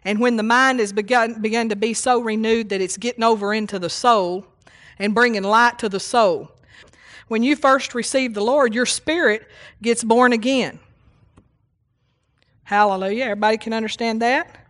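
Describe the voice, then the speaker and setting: A woman's voice: fairly high pitch, steady tone, normal speed, fairly bright tone. A woman preaching a sermon, reading scripture and teaching with emphatic repetition and call-outs to the congregation.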